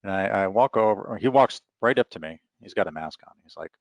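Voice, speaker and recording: A middle-aged man with a very low voice and a gravelly rasp, talking easily as an interview guest. He tells his stories in a relaxed, rambling way. The sound is dry and close. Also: brisk, dry recording. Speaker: author guest. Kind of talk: casual interview talk.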